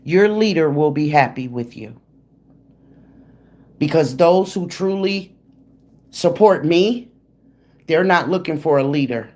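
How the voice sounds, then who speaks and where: A woman's voice: low-pitched, expressive, slow, long pauses, darkish tone. A woman hosting a true crime livestream in a casual, blunt, slangy way, calling out critics and greeting viewers in the chat by name.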